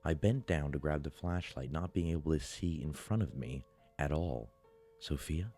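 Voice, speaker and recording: A man with an extremely low, dark voice reads a horror story in a slow, measured way, pausing for effect. Faint music runs under the narration. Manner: slow, measured, dramatic pauses.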